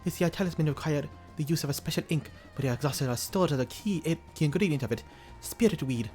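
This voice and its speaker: A courteous tribeswoman, voiced by a male streamer who reads her lines fast in a put-on accent. She is earnest, and she trips over a word now and then. Faint music plays underneath. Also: fairly high pitch, darkish tone, close to an everyday voice. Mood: polite. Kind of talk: reading game dialogue aloud.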